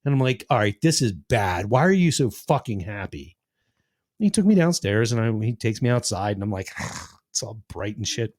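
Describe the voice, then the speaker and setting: This podcast host, a man in his sixties, speaks at normal speed in a lowish, darkish voice with big pitch swings. In casual chat he tells long, rambling, profane stories and acts out the quoted lines of those involved.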